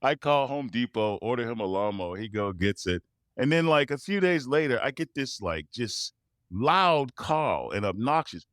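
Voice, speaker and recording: A man, a tuba player, telling personal stories as a guest, animated and often laughing. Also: medium pitch, normal speed, dry recording, studio quality. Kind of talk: interview storytelling.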